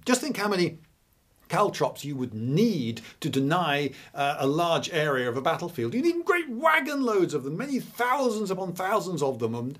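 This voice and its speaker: A man giving a chatty, digressive video lecture with dry humour and frequent pauses. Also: fairly high pitch, slightly rough. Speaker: history video host.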